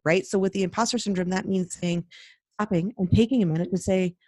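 A woman's voice: mid-range voice, steady tone, fairly quick, darkish tone, no echo. A woman coach talks through an idea in a loose, conversational way and keeps checking in with "right?" She slips into little acted-out voices to show what she means. The sound is dry and close, with no room around it. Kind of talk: casual explanatory talk.

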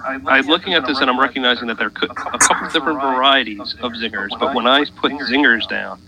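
A man hosting a casual podcast, explaining each matchup in a relaxed way. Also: medium pitch, fairly quick, a loud crowd, poor audio. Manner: explanatory, runs the segments. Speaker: podcast host. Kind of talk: casual chat.

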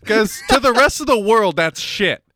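A man co-hosting a podcast in casual banter, loud and mocking, often yelling and laughing. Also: sits high, animated, moderate pace, dry recording, clean studio sound. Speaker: podcast co-host.

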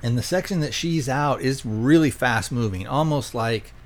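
A man's voice: mid-range voice, normal speed. A man hosting a podcast, casually retelling a movie plot in a rambling way, often stopping to correct himself. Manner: rambling, self-correcting, conversational. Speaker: podcast host reviewing a movie. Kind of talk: casual spoken plot recap.

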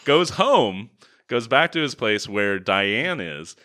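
Animated man recapping a movie. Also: medium pitch, slow. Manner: animated storytelling, bursts into loud shouted impressions. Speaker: podcast co-host. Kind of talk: casual movie recap chat.

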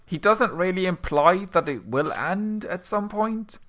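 A man's voice: sits high, lively intonation, unhurried, a bit bright. A man co-hosting a podcast in casual chat, with teasing, dry banter. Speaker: podcast co-host.

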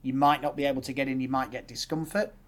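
A man with a Yorkshire accent talks through his clinical approach in relaxed podcast conversation. He sets out options one after another in orderly lists, at a medium pitch. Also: quick pace. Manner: explanatory, lists options in steady sequences. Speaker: dentist guest.

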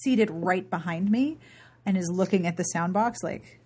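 A woman's voice: on the low side, moderate pace, warm tone, slight background noise. A woman hosting a podcast, chatting casually, joking and laughing often. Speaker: podcast host. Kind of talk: casual chat.

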